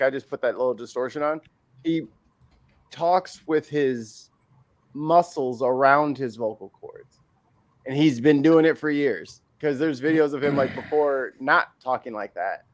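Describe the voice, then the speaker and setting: A man in casual group chat on a podcast, excitable and talking over others with many restarts. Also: mid-range voice, measured pace. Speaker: podcast co-host.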